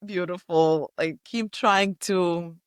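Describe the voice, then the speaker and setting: A woman co-hosting a podcast, agreeable and a little halting, often laughing along as she talks about a TV show. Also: low voice, animated, no room sound, clean studio sound. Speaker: podcast co-host. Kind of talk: casual chat recapping a TV show.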